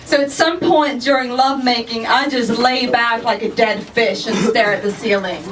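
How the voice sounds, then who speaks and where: A young woman performing a stand-up set in a dry, halting way, with many ums between the jokes. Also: a little high, noisy background. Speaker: stand-up comedian. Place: live comedy stage in a garage studio. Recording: far from the mic, with a loud audience laughing. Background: audience laughter.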